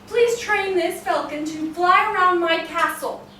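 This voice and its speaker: A woman's voice: very high-pitched, measured pace, sharp tone, a little hiss or hum, full character voice. A woman storyteller voicing a commanding middle-aged king who talks in emphatic exclamations, in an echoey room from far off. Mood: demanding.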